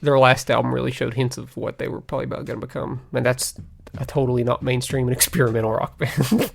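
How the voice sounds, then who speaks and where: A man's voice: medium pitch, quick pace, vocal fry. A man co-hosting a podcast in casual chat, joking and teasing and laughing often. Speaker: podcast co-host.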